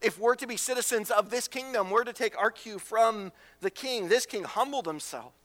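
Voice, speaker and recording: A man's voice: sits high, moderate pace, fairly bright tone, long reverb tail. A man preaching a sermon as pastor, emphatic, repeating phrases and asking rhetorical questions.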